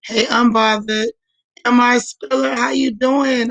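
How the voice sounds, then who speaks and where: Hoarse, gravelly woman hosting a livestream. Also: a little high, steady tone, slow pace, fairly bright tone, no room sound, rough recording. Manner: chatty, greets viewers by name one after another. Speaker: livestream host. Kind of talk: casual chat greeting live viewers.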